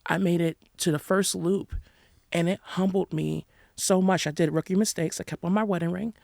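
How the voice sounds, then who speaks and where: A woman's voice: fairly low pitch, normal speed, gravelly, no echo, studio quality. A New woman, telling her running story candidly as a podcast guest, laughing often. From New York City. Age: 30s. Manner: animated, frank, laughs often. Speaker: podcast guest, endurance runner.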